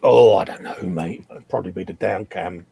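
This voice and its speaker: A man's voice: deep voice, brisk, gravelly, warm tone, a little hiss or hum. A man hosting a casual live stream while building a model kit, chatty, greeting viewers and calling them mate. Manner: chatty, reads out viewer names, says "mate". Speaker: host.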